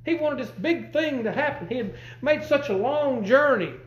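A pastor with a fairly high voice delivers a folksy, conversational sermon. He keeps tossing rhetorical questions to his listeners. The recording has the roomy echo of a church sanctuary. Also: lively intonation, normal speed, dull audio.

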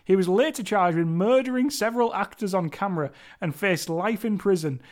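Male podcast host, fairly high voice, rambling and eager, casual solo talk. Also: lively intonation, a little fast, a little mellow. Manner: chatty, rambling, enthusiastic with restarts.

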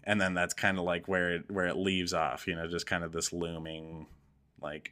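A man's voice: low-pitched, level tone, a little slow, fairly bright tone. A man co-hosting a comedy podcast, loosely recapping a movie scene with swearing and acted-out lines. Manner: loose, rambling, swears and acts out quotes. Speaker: podcast co-host.

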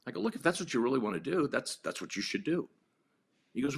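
A man's voice: mid-range voice, big pitch swings, fast talker, vocal fry, slight background noise. A man telling a story in an interview, blunt and profane, acting out the voices of the people in it. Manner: blunt, profane, acts out quotes with rising intensity. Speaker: podcast guest.

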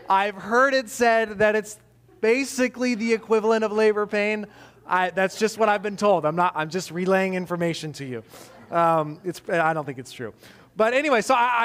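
A man's voice: high voice, fairly bright tone. A man in his thirties, a pastor giving a casual, conversational sermon with self-deprecating stories and lots of fillers.

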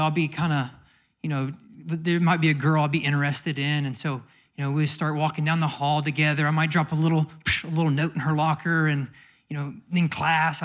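A high-pitched man preaches a sermon in a chatty, storytelling way. He slips into little acted-out voices for the people in his stories. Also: fairly bright tone. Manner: conversational storytelling with acted quotes. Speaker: pastor.

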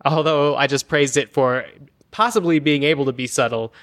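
A man's voice: fairly high pitch, moderate pace, a bit bright, no echo, clean studio sound. A man co-hosting a pop culture podcast, talking at length with enthusiasm and many fillers. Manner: enthusiastic, detailed, lots of fillers. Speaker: podcast co-host. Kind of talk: casual pop culture chat.

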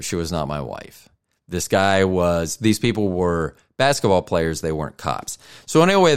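Cussing podcast guy rambling thru a story, lowish voice that jumps all over. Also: clear, resonant tone. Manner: profane, rambling, heated. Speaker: podcast host. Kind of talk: casual storytelling monologue.

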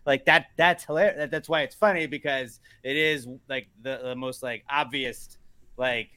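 A man's voice: medium pitch, fairly even intonation, normal speed, sharp tone, clean tone. A man co-hosting a casual podcast chat, ranting and rambling with lots of fillers. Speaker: podcast co-host.

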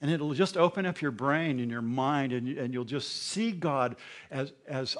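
A middle-aged male pastor preaching a sermon, moving between quiet asides and loud proclamations, often repeating words when stirred up. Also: medium pitch, normal speed.

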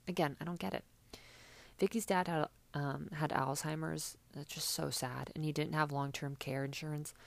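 Woman, low gravelly voice, sarcastic casual recap chat, dry close sound. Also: no room sound. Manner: chatty and sarcastic, many fillers. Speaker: podcast host recapping reality TV.

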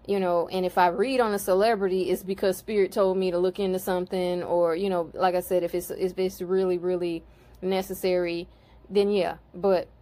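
A woman's voice: lowish voice, a little mellow. Blunt, profane woman spiritual reader. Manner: blunt and profane, grows heated and preachy. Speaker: spiritual card reader and healer. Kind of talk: casual monologue to viewers.

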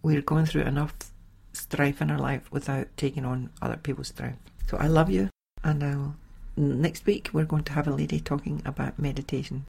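A middle-aged woman hosting a podcast, telling a personal story in a chatty, animated way. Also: low-pitched, moderate pace, gravelly, few pauses, husky. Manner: chatty, animated, with sighs and laughs. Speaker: podcast host. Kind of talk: casual storytelling monologue.

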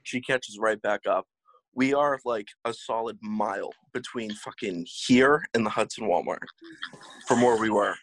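Husky young man telling a wild story. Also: on the low side, unhurried, no echo, poor audio. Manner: rambling, profane, laughing storytelling. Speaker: podcast host. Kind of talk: casual storytelling chat.

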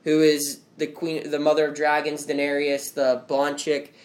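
A man's voice: on the high side, monotone, moderate pace. A young man chatting casually at home, rambling with lots of "like" as he recaps a show. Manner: rambling, heavy use of "like". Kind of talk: casual chat. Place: at home with friends and family.

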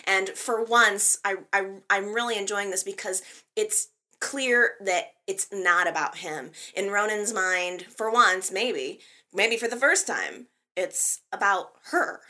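A woman hosting a soap opera recap show, talking in an excitable, gushing fan manner with many fillers. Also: mid-range voice, slow. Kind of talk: casual recap commentary.

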